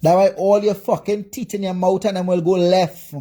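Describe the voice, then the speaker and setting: Jamaican woman, livestream rant, profane, insulting, mellow voice. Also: medium pitch, steady tone, normal speed. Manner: profane, insulting, repetitive cursing. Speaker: social media commentator.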